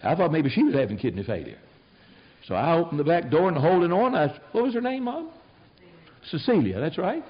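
Older man preaching, lively storytelling. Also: fairly high pitch, brisk, breathy edge. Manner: storytelling, animated and emphatic. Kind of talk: sermon. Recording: dull lo-fi sound.

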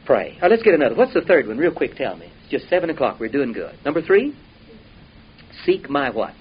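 A man preaching a sermon in a folksy, emphatic way, his voice swelling and then dropping low. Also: big pitch swings, a little fast, husky. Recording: dull lo-fi recording with faint hiss.

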